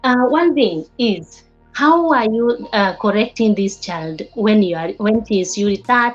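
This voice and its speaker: A woman teaching a class on early childhood development, speaking haltingly and often repeating or restarting words. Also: medium pitch, animated, faint music behind. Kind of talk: class lecture with students. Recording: slightly dull lo-fi recording.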